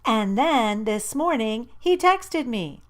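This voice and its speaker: A woman's voice: mid-range voice, measured pace, natural voice. A woman voicing an eager chatty teenage girl.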